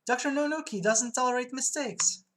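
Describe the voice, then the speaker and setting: A woman voicing a nervous female music-store clerk who is secretly an agent, speaking high and stammering. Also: expressive, a little fast, a bit bright, close to an everyday voice. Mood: scheming.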